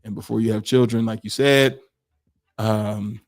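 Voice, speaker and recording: A man co-hosting a podcast, telling a story in casual chat, animated, acting out quotes and laughing often. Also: fairly low pitch, unhurried. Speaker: podcast co-host.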